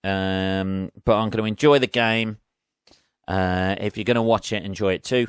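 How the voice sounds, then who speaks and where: A man's voice: lowish voice, steady tone, moderate pace, smooth, no room sound, studio quality. An English man hosting his own podcast, rambling and swearing freely, joking darkly and acting out both sides of imagined conversations. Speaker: podcast host. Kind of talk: casual solo monologue.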